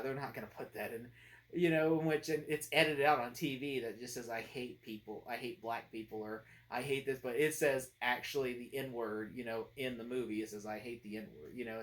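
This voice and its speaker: A man's voice: mid-range voice, steady tone, a little fast, fairly bright tone. Rambling young man reviewing a movie. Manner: rambling, lots of fillers, quotes lines in muttered voices.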